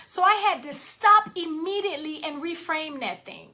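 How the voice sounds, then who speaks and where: A woman coach giving a lively, emphatic motivational talk on a live stream and greeting viewers by name. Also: very high voice, normal speed.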